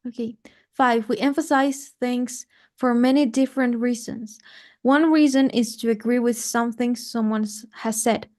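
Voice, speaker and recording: A woman's voice: a little high, moderate pace. Woman student reading aloud carefully. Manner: careful, steady reading with small slips. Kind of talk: reading a grammar text aloud.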